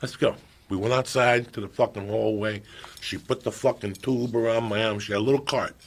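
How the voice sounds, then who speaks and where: Telling a profane, comic story on a podcast, this middle-aged man speaks briskly in a lowish, husky, gravelly voice. Sometimes he is animated and loud, sometimes hushed.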